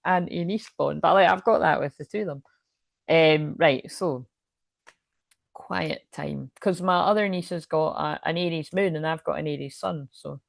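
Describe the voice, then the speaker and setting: A woman's voice: on the low side, dry recording, studio quality. A young woman giving a casual, rambling oracle card reading, laughing often and swearing casually. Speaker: spiritual reader and coach.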